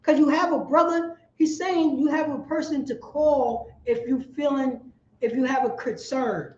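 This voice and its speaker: A man teaching a Bible class, forceful and preachy, repeating his points for emphasis. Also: very high-pitched, unhurried, slight background noise. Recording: echoey room, dull lo-fi sound.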